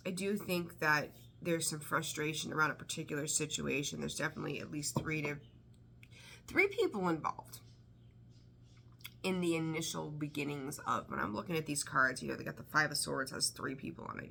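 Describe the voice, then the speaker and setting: A woman's voice: low voice, moderate pace, vocal fry, pushed and bright, slight background noise. A woman giving a casual tarot reading, rambling and swearing freely with exasperated outbursts. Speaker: tarot reader.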